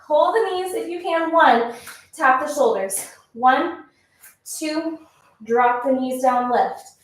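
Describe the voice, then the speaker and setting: Slow-cueing woman in an echoey room. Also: high voice, lively intonation. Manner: encouraging counting cues. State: out of breath. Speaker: pilates instructor. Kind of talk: workout instruction. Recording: echoey room, mic at a distance.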